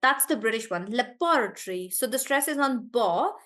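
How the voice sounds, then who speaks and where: A woman teaching English pronunciation in a live online class, slowing down and stretching words to show where the stress falls, and calling her students by name as she answers them. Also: high-pitched, lively intonation, fairly bright tone.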